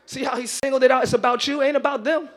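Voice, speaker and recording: A man preaching a sermon in church as pastor, acting out everyday scenes and shouting his points to the congregation. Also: very high-pitched, fairly even intonation, quick pace.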